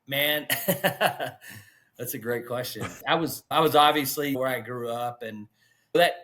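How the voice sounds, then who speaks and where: A man's voice: mid-range voice, slow pace, fairly bright tone. A man, telling his story as a guest in a casual, folksy way. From Gulf Coast of Alabama, US. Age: 40s. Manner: laid-back, folksy, peppers talk with "man" and "dude". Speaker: guest pitmaster.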